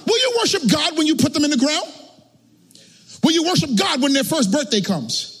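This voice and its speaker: A male pastor preaching a sermon in church, sliding into a chanted, sung cadence and rising to shouts. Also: very high voice, very animated, normal speed, in a large hall.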